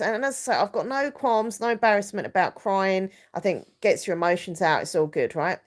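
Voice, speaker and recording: A woman hosting a live stream, talking in a rambling, emotional, confiding way with many fillers. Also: mid-range voice.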